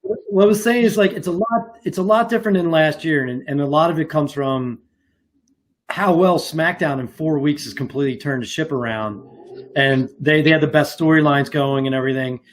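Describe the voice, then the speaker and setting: A man co-hosts a wrestling podcast in casual chat, his voice on the high side at a moderate pace. He rambles, with plenty of fillers and restarts.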